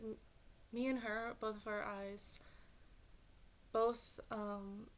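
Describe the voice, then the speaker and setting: A woman vlogger telling a story in a casual, rambling way, full of fillers and exasperated asides. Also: medium pitch. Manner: rambling, filler-heavy retelling with many "like"s; exasperated, animated venting.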